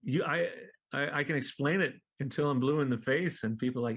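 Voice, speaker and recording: A man talking as a guest in a casual interview, laid-back and profane, acting out other people's lines in a high voice and laughing often. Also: brisk, slightly rough. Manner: animated storyteller, acts out quotes in high voices. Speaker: guest musician.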